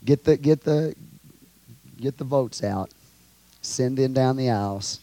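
A man with a Texan accent preaching a sermon to his congregation, swinging from quiet asides to loud shouted lines. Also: mid-range voice, takes it slowly. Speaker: pastor. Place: church.

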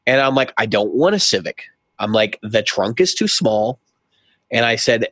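A man's voice: mid-range voice, lively intonation, normal speed, fairly bright tone, dry recording. A middle-aged man co-hosting a casual podcast, animatedly acting out both sides of a conversation as he tells a story. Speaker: podcast co-host.

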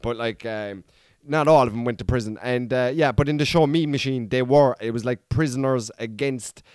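An Irish man in his thirties, a comedian hosting a podcast, rambling on in an animated casual monologue full of "like". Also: medium pitch, normal speed, clear, resonant tone, no room sound, clean studio sound. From Ireland. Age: 30s. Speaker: podcast host.

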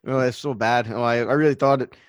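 A man's voice: mid-range voice, fairly even intonation, fast, clear, resonant tone, no room sound, studio quality, lightly acted. A man putting on an apologetic Canadian voice with a bit of an Irish lilt.

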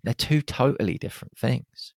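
A man hosting a podcast in a casual interview, speaking calmly and offering brief affirming replies. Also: medium pitch, normal speed, creaky, no echo. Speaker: podcast host.

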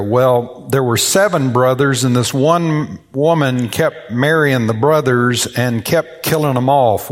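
Folksy older male pastor preaching. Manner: folksy, joking storyteller with high-pitched voices for quoted people. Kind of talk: sermon. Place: church sanctuary.

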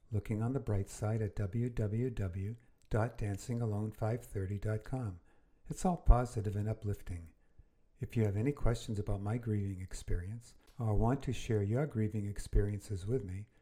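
A man hosting a podcast, reading his own grief memoir aloud in a slow, measured, earnest way. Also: fairly low pitch, warm tone. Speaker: podcast host.

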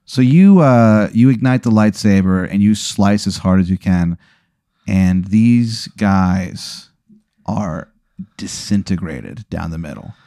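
A young man narrating a tabletop-style story as game master, rambling and animated with many fillers. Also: low voice, slow, no room sound, studio quality. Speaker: game master and podcast host.

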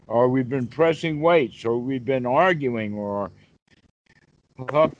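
A man's voice: mid-range voice, slow, highs cut off. A man, a Buddhist teacher, explaining patiently on a one-on-one call and asking rhetorical questions. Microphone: video call.

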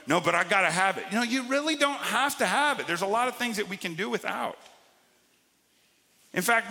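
A man preaching a sermon as pastor, swinging between loud emphatic lines and quiet drawn-out ones. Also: a little high, big-room sound.

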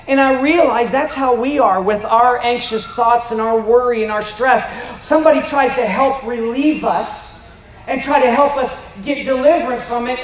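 A man in his fifties preaching a sermon as a pastor, animated, with joking asides and rising to emphatic shouts. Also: very high voice. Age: 50s. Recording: roomy echo.

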